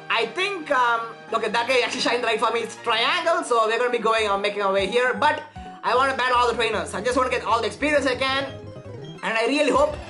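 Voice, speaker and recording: A woman's voice: a little high, pushed and bright. A woman giving casual let's play commentary, chatty and nervous, stumbling over words. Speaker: video game streamer.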